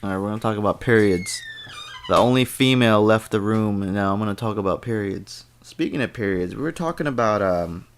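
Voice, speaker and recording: A man's voice: lowish voice, fairly quick, slight background noise. A man co-hosting a podcast in casual chat, rambling and joking, with cursing and playful quoted voices. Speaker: podcast co-host.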